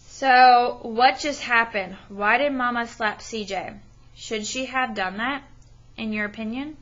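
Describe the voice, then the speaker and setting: A woman's voice: medium pitch, steady tone, a little slow, a bit bright, lo-fi sound. A woman teacher reading a story aloud with expression and stopping to ask her listeners questions. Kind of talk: read-aloud lesson with comprehension questions.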